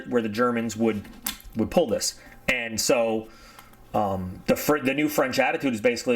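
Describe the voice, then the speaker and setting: A man hosting a casual history talk, rambling and easily sidetracked, often correcting himself mid-sentence as he tells the story. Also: medium pitch. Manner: rambling, digressive, self-correcting; animated storyteller acting out quotes. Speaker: history channel host.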